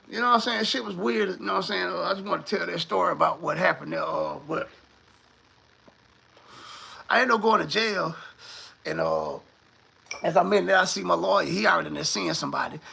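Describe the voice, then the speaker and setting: Gravelly, bright-voiced man telling a story. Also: high-pitched. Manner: animated, profane, voices the people in his story. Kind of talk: casual storytelling.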